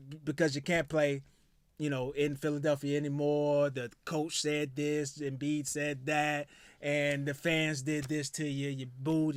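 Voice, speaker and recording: A man's voice: fairly high pitch, fairly bright tone, clean tone, no room sound. A man co-hosting a casual sports podcast, going into a heated, profane rant. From United States. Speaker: podcast co-host.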